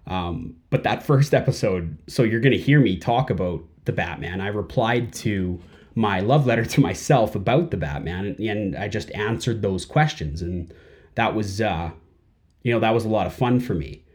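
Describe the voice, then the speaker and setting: Lowish-voiced guy rambling through a chatty podcast monologue, lots of "you know"s. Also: lively intonation, normal speed, a little mellow. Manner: rambling, heavy on fillers. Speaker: podcast host.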